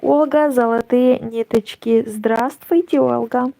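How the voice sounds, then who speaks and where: A woman's voice: on the high side, fairly even intonation, measured pace, creaky, warm tone, low-quality recording. A woman from Moldova, chatting casually on a crochet livestream and greeting viewers as she works.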